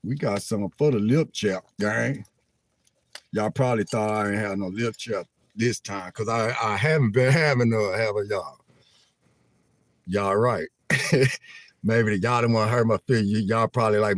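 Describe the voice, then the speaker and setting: An older man chats casually to his viewers in an animated, laughing way, often repeating himself. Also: lowish voice, moderate pace, long pauses, no echo. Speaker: vlogger livestreaming. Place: inside a van.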